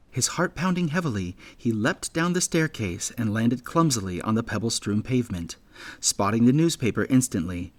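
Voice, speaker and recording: A man narrating an audiobook in measured, scripted storytelling. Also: mid-range voice. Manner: measured storytelling, voicing all characters.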